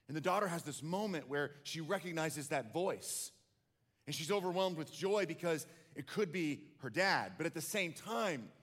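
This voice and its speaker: Male pastor, storytelling sermon, fairly high voice, long hall reverb. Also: a bit bright. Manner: storytelling, rising to passionate questions.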